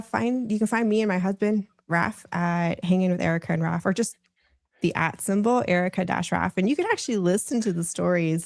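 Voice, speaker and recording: A woman's voice: on the low side, no echo. A woman guest on a podcast, telling a long story in a rambling, casual way and laughing often. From United States.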